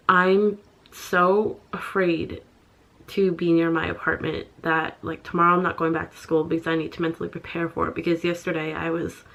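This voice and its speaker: A young woman vlogging in a halting, upset way, full of pauses and fillers. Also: fairly low pitch, a bit bright. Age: young adult. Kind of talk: personal confessional vlog.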